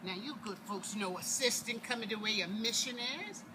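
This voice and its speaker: A woman putting on an eager young enslaved boy who recalls the war with quick, excited dialect. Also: a little high, voice pushed down, close to an everyday voice. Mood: storytelling. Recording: noisy outdoor recording with passing traffic.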